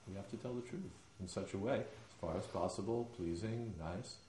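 Deep, dark-voiced man giving a lecture. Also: normal speed, a little hiss or hum. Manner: emphatic storyteller, hesitant fillers. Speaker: spiritual teacher. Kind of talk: devotional lecture. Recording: roomy echoing hall.

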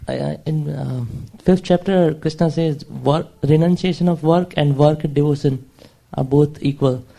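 Hesitant man with a dark, creaky voice. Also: fairly high pitch. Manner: hesitant, halting. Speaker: questioner. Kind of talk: audience question.

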